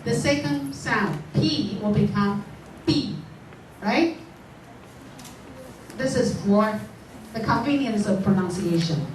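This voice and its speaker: A woman teaching a class, explaining slowly and checking whether the students follow. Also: medium pitch, expressive, background noise. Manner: explains slowly, checks understanding with repeated questions. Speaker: English teacher. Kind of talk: classroom lesson. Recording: echoey room, voice from far off.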